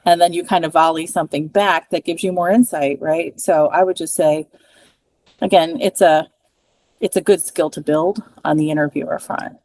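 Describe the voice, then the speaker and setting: A woman's voice: sits low, steady tone, normal speed, darkish tone. A woman hosting a podcast, chatty and casual, with filler phrases and self-deprecating remarks. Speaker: podcast host.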